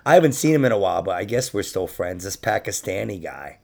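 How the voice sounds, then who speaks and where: A man hosting a casual podcast, rambling and swearing through his stories and laughing often. His voice is gravelly and full of fry. His pitch jumps around with animated swings. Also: quick pace. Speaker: podcast host. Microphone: podcast microphone.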